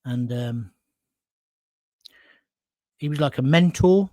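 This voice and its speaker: A man's voice: medium pitch, slow, a little mellow, no echo, studio quality. A middle-aged man hosting, telling a rambling story with frequent swearing, restarts and asides. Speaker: host. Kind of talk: casual storytelling monologue.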